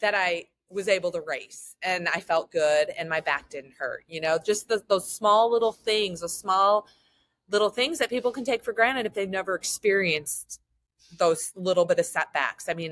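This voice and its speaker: A woman's voice: fairly low pitch, normal speed, fairly bright tone, dry recording. A woman triathlete in casual conversation, talking openly and emotionally about her racing. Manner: open, emotional, rambling. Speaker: triathlete guest and former podcast co-host.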